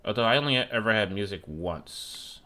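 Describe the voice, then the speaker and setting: A man's voice: fairly low pitch, lively intonation, a little fast, pushed and bright. Profane, rambling young man streamer. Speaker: gaming streamer. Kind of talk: casual chat while gaming.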